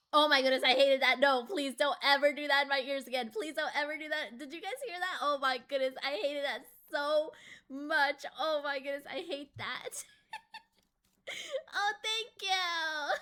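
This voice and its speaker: A young woman streaming a horror game live, reading the story aloud in a hushed, dramatic way and squealing and giggling when startled. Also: high-pitched, moderate pace.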